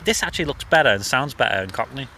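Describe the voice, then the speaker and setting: A man's voice: medium pitch, expressive, quick pace, gravelly, pushed and bright, slight background noise. A man interviewing a young actor outdoors, encouraging and mentoring him in casual talk. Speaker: interviewer and YouTube presenter. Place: outdoors by a bridge.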